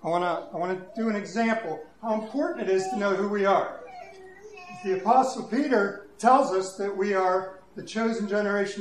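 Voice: mid-range voice, moderate pace, far from the mic. Conversational preacher in an echoey hall. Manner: conversational and playful. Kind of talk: sermon with a children's demonstration. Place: church hall. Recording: echoey hall with faint room noise.

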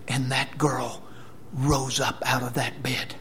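A man preaching a sermon, retelling scripture dramatically, dropping to a whisper and then booming out. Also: level tone, takes it slowly, a bit bright, a little hiss or hum.

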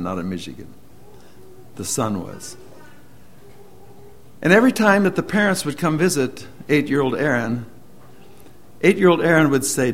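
A man preaching a sermon as an earnest storyteller, moving between loud emphasis and hushed, slowed lines. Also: mid-range voice, slight background noise.

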